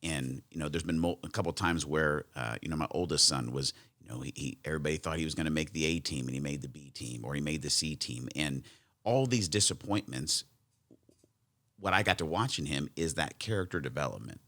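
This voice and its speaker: A man's voice: a bass voice, fairly quick, a bit bright. A man in his forties hosting a podcast, talking thoughtfully and rambling with restarts. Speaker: podcast host. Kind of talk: conversational interview.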